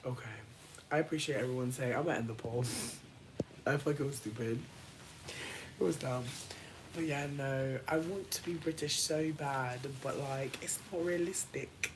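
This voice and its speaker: A streamer talks straight to their chat from home late at night, playful and theatrical, with plenty of swearing. The voice sits at a middle pitch and keeps slipping into hushed whispers. A steady hiss and clicks run under the home mic. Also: normal speed. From Connecticut, USA. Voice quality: expressive, swears freely, slips into whispers. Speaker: livestreamer. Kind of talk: casual livestream chat.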